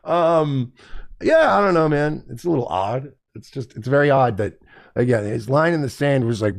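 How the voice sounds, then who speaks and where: Gravelly, indignant man ranting. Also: medium pitch, sing-song, moderate pace, dry recording, studio quality. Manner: profane, indignant, mocks others in put-on voices. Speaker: podcast host. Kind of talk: casual rant to camera.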